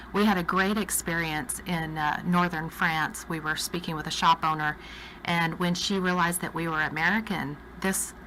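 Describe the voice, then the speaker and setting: A woman's voice: lowish voice, bright, forceful tone, slight background noise, rough recording. A woman with a Texas accent, a guest on a radio talk show, telling a travel story in a chatty way. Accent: Texan.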